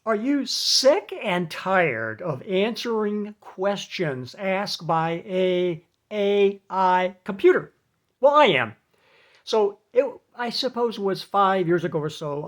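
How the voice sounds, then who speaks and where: A man giving casual advice in an animated, chatty way, laughing at his own jokes. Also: high voice. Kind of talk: casual talk to camera.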